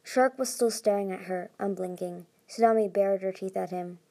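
A woman's voice: mid-range voice, steady tone, normal speed, mellow. A woman narrating a fantasy novel aloud, reading steadily with occasional slips and restarts.

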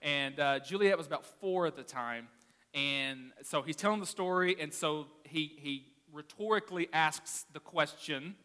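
A pastor preaches in a casual, animated style, telling stories to his congregation. His voice sits high and rings bright. The sound carries the long echo of a large sanctuary. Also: normal speed. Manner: animated, conversational preaching with storytelling. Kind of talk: sermon. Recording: reverberant hall.

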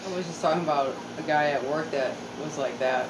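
Chatty woman, low voice, off-mic. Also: fairly quick. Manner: chatty, storytelling anecdotes. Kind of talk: casual chat. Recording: echoey, distant, noisy room.

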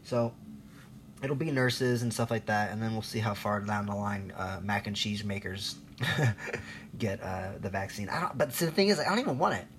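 A man's voice: lowish voice, lively intonation, moderate pace, a bit bright, a little hiss or hum. A man in his thirties ranting in a rambling, profane, sarcastic monologue, laughing at himself now and then. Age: 30s. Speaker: vlogger.

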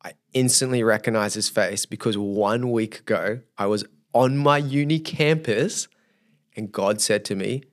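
A man's voice: lowish voice, a little slow. A young man, a youth leader telling a story as a podcast guest, acting out his own thoughts as he goes. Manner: animated storyteller who acts out his own inner thoughts.

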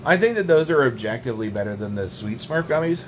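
Deadpan rambling young man. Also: mid-range voice, fast talker. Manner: deadpan rambling, tall tales. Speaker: podcast co-host. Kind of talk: absurd comedic banter.

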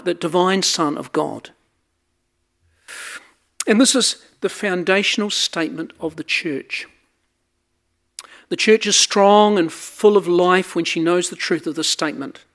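A man preaching a sermon, emphatic and animated, asking his listeners rhetorical questions. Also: sits high.

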